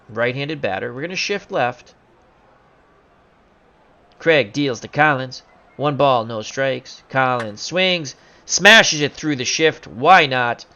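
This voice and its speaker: Bright-voiced man calling baseball play-by-play. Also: medium pitch, dull audio. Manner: jokey, bursts into loud excitement on big plays. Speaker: play-by-play commentator of a simulated baseball game. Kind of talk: excited play-by-play commentary.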